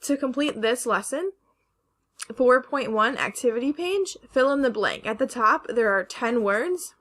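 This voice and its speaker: A woman teacher giving a recorded phonics lesson to young children, slowly stretching out words to model their sounds. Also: fairly high pitch, expressive, a bit bright. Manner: slow, careful, stretching sounds to model pronunciation.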